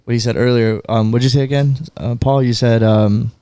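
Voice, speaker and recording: A man's voice: medium pitch, fairly even intonation, brisk, dark tone, clear, resonant tone, no echo. A man co-hosting a podcast, talking casually about faith and quoting scripture, often restarting his sentences. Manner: restarts often, quotes Bible verses. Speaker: podcast co-host.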